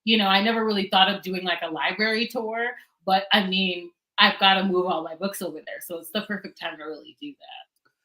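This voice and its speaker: A woman chatting casually on a livestream, animated and quick to laugh, often trailing off and restarting. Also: mid-range voice, poor audio. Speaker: book blogger and guest co-host.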